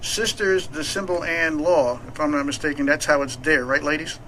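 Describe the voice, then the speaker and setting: A man's voice: on the high side, moderate pace, pushed and bright, slight background noise, low-quality recording. A man hosting a talk radio show, chatting casually and playfully with many fillers and restarts.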